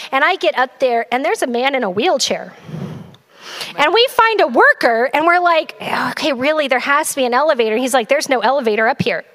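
A woman with a high-pitched voice tells a story from a church platform. She talks in a chatty, breathless run of sentences full of "like.". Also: moderate pace, a bit bright. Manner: chatty and breathless, heavy use of "like". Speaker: church member sharing a testimony. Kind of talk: personal storytelling to a congregation.

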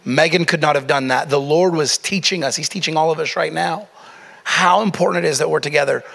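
A man's voice: fairly high pitch, a little fast, gravelly, fairly bright tone, in a large hall. A man preaching a sermon to a congregation in an earnest way, repeating phrases and checking in with "right?". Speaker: pastor.

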